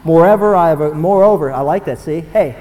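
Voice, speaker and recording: A young man preaching a sermon, animated and swinging from low, quiet asides to loud, excited bursts. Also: fast talker. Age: young adult. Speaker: pastor. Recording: long hall reverb.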